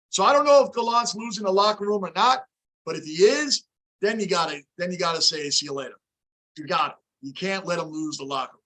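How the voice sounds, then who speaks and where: A hoarse, worn-out male livestream host reacting to a hockey game, excitable and emotional, shouting at the action and chatting with viewers by name. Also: sits high. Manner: chats with viewers by name, off topic. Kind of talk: casual live reaction chat.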